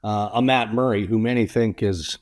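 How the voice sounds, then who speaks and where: A man's voice: lowish voice, a little mellow. A man co-hosting a hockey podcast, leading the segments and chatting casually. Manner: brisk segment-leading host. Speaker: podcast co-host. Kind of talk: casual sports chat.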